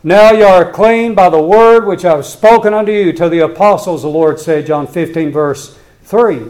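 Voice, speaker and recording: A man's voice: high-pitched, moderate pace, darkish tone, low-quality recording. A man preaching a sermon, reading scripture aloud with earnest emphasis and urging his listeners.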